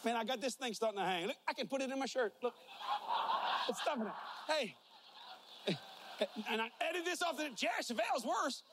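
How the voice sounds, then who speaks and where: A man's voice: very high-pitched, lively intonation, a little fast, long pauses, heavy background noise. A man preaching a humorous sermon, mixing folksy jokes and stories with emphatic points about faith. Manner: joking, folksy storytelling, emphatic.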